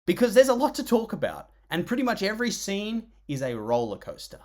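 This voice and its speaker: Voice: medium pitch, huge pitch swings, a little fast, darkish tone. A film reviewer narrating a comedic review in a sarcastic, exasperated way, groaning and sighing in disgust.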